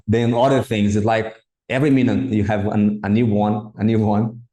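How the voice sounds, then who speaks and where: Brief: male host, low warm voice, halting questions, roomy sound. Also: flat delivery. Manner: halting, repeats words while forming questions. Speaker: podcast host. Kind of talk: casual interview. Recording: echoey room.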